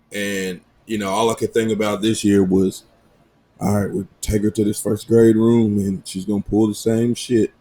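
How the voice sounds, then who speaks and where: A man's voice: lowish voice, a little mellow. A man in his thirties hosting a casual solo podcast, telling profane, joking family stories. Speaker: podcast host.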